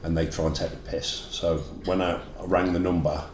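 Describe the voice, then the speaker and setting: A man's voice: deep voice, level tone, normal speed, echoey room, slight background noise. A man from Bedworth with a Coventry and Bedworth accent, a comedian telling stories bluntly in casual podcast chat. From England, Bedworth. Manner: blunt, swearing storyteller. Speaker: comedian guest.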